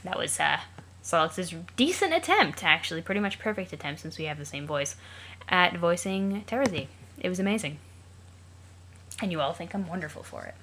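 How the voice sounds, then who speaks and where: A woman talking through a webcomic playthrough on a desk mic, chatty and rambling with crude jokes. Her voice sits low but has a bright, sharp edge. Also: very animated, moderate pace, a little hiss or hum. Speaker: let's play host. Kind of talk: casual playthrough commentary.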